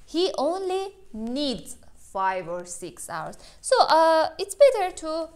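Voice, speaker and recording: A woman's voice: high-pitched, very animated, slow. A woman teaching an English grammar lesson on video, speaking non-native English with many "uh" fillers and a checking "yes?" after points.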